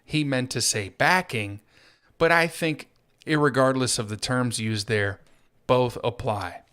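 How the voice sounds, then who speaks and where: Guy ranting sarcastic about politics on his own show, mid-pitched, mocking tone. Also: a little slow, a bit bright, clear, resonant tone. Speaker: host. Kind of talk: political commentary monologue.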